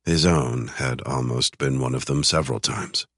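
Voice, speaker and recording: A man narrating a thriller audiobook in an even, measured reading style. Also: extremely low pitch, husky, no echo, studio quality.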